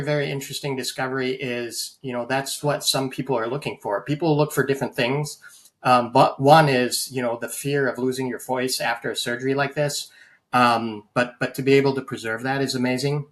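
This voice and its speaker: In a conversational interview, a guest who practices AI voice banking tells stories earnestly, with plenty of restarts and fillers. His voice is medium-pitched with a fairly bright tone.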